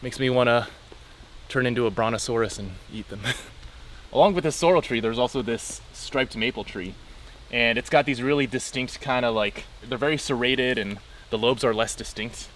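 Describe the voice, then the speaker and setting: A man's voice: medium pitch, normal speed, fairly bright tone, a little hiss or hum. A man on a forest hiking trail, chatting casually and explaining the plants he sees with enthusiasm, laughing often, recorded on a camera mic outdoors. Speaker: hiker identifying plants.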